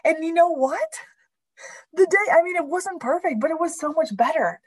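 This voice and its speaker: Woman, 30s, high voice, candid personal storytelling, laughs a lot, animated retelling. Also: normal speed, low-quality recording. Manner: expressive, laughs often while talking; lively acted-out inner voice. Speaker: speaker telling a personal story.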